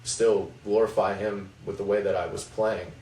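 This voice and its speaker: Young male player, low and reflective, a bit distant from the mic. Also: level tone, normal speed, darkish tone. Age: young adult. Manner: reflective storytelling, many fillers. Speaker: college basketball player. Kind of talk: faith-focused podcast chat. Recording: roomy, distant mic, faint noise.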